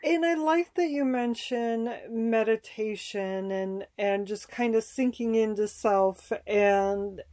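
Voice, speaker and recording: Slow, measured woman podcast host. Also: fairly high pitch, dark tone. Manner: affirming, measured. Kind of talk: casual interview.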